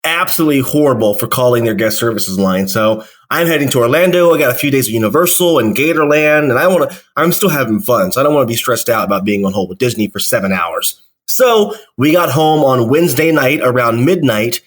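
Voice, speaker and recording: Male host, mid pitch, upbeat storyteller, casual chat. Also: animated, brisk. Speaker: podcast host.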